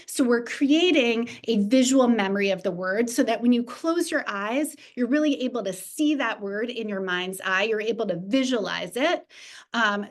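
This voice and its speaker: Woman explaining a reading lesson to teachers. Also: fairly high pitch. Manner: patient, explanatory, modeling steps aloud. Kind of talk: teacher training presentation.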